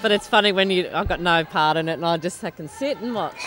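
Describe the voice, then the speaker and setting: A woman's voice: fairly low pitch, fast talker, hardly any pauses. An Australian woman commentating a netball final in a chatty, giggly way, rambling with many fillers. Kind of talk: live sports commentary. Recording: noisy sports hall commentary.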